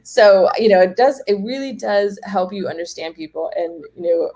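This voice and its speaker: A woman with a mid-range, slightly mellow voice is a guest in a casual interview about home organizing. She is animated and speaks at a moderate pace, chatting freely, laughing a lot, and acting out what others said.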